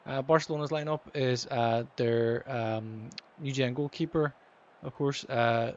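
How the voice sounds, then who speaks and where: A man's voice: medium pitch, normal speed, a little mellow. A man hosting a gaming channel, giving casual gameplay commentary, hesitant with many ums and restarts, livening up when he calls the match action. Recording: slightly dull lo-fi mic, faint noise.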